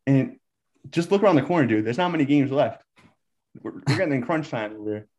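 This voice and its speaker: A man's voice: mid-range voice, animated, brisk, a little mellow, muffled recording. A young man co-hosting a sports podcast, a hyped, trash-talking fan in casual chat. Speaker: podcast co-host.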